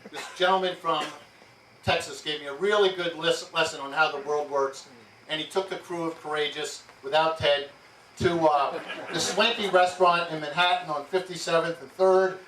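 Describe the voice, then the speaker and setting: Brief: male keynote speaker, upbeat joking storyteller, slightly high voice, caught from far off in an echoey room with hiss. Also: normal speed. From New Jersey. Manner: lively, jokey anecdotes with frequent laughs. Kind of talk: storytelling speech to an audience. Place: yacht club event room. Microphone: far amateur camera. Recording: roomy, distant, noisy amateur tape.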